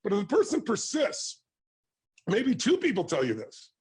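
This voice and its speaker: Husky high-voiced man, intense. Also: wildly swooping pitch, moderate pace. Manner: forceful, passionate, emphatic. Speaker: motivational speaker. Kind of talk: intense motivational talk to an interviewer and audience.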